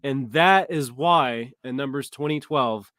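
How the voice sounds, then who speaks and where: A man leads a relaxed Bible study and talks it through as ideas come to him, often backing up to restart a sentence. His voice sits at an ordinary middle pitch. The sound is dry and close, with no room around it. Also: measured pace, no echo. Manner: conversational, thinking aloud, frequent restarts and fillers. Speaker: Bible teacher. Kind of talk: casual Bible study teaching.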